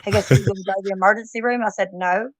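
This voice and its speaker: A woman's voice: mid-range voice, steady tone, very fast, dry recording. A woman co-hosting a casual chat, chiming in with reactions and telling her own stories with blunt swearing.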